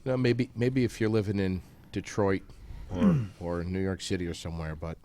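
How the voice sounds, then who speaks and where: Male talk host, very low voice, relaxed and questioning with restarts. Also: slight background noise. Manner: easygoing, asks questions with halting restarts. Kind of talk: casual radio talk.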